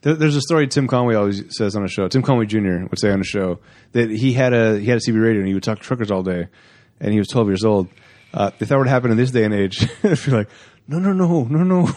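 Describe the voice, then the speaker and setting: A man's voice: lowish voice, fast talker, a little mellow. A man co-hosting a casual movie podcast, joking and laughing often as he banters with friends. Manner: jokey, laughs often, teasing. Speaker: podcast co-host.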